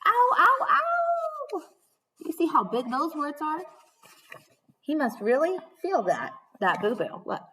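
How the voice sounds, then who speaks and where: A woman teacher in her thirties reading a storybook aloud to young children, animated, gasping, calling them friends. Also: sits high, measured pace, distant mic.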